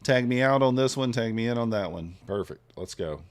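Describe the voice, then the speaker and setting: Animated and fairly quick, a man with a medium-pitched voice streams himself trading futures live. He muses aloud in a laid-back, casual manner and chats with viewers.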